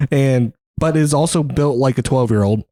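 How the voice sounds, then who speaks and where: A man's voice: mid-range voice, measured pace, mellow, no room sound. A young man co-hosting a podcast, telling stories in casual chat, laughing often and swearing a lot. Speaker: podcast co-host.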